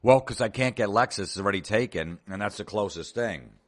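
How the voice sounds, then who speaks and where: A man's voice: fairly low pitch, a little fast, pitched above the performer's own voice, close to an everyday voice. A man voicing a clueless, proud male car owner who whines defensively in a raised voice.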